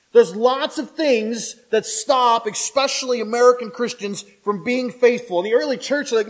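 A male pastor preaching a sermon in a conversational, animated way, asking the listeners questions and acting out the voices of people in the story. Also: extremely high pitch, normal speed, hardly any pauses, poor audio. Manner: animated, acts out quoted voices; conversational, asks the audience questions.

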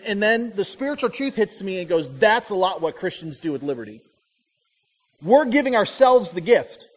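A man preaching from the pulpit, middle-aged and high-voiced. He tells stories and drives home short repeated lines, and his words ring out with a long reverb through the church hall. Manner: animated storytelling with punchy repeated lines. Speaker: pastor. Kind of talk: sermon.

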